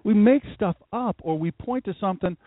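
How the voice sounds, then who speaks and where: A man preaching a casual, animated sermon, his voice a little high for a man. The sound is tinny and thin, as if heard over a phone line, with no room echo at all. He acts out voices as he tells his stories. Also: brisk. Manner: animated storytelling, acts out voices, jumps to high pitch for emphasis. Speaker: pastor.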